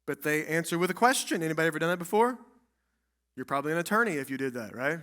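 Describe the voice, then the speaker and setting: A male pastor preaching in a church, with a bright, forceful voice that sits a little high for a man. He is emphatic and dramatic, and he drives his points home through repetition. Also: expressive, racing. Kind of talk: sermon. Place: church sanctuary.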